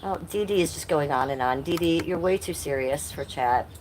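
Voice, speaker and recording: A woman's voice: sits low, normal speed, darkish tone, a little hiss or hum. A woman in her fifties hosting a casual livestream, reading chat aloud and cursing at rude commenters. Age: 50s. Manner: blunt, swears at rude chatters; sing-song baby talk to her cat. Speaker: livestream host.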